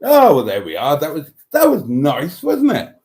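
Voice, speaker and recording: Livestream host, man, a bit tipsy, lively pitch, laughs a lot while reading comments. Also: normal speed, gravelly, slight background noise. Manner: chatty, laughs often, reads comments aloud. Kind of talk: casual livestream chat.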